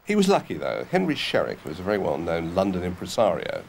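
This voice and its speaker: A man narrating an arts documentary in a wry, measured storytelling manner. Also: sits low, wildly swooping pitch, vocal fry, darkish tone, a little hiss or hum.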